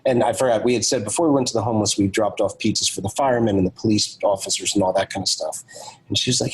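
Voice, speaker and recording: Male podcast guest, lowish husky voice, animated storyteller who voices the dialogue. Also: fast talker, poor audio.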